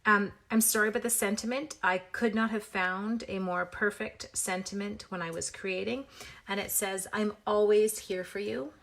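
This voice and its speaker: A woman's voice: medium pitch, steady tone, normal speed, creaky, a bit bright. A woman from Canada hosting a live papercraft demo, chatty and playful, greeting viewers by name and adding little sound effects. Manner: playful sound effects, self-mocking humor. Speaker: papercraft demonstrator hosting a livestream. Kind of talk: casual live crafting demo.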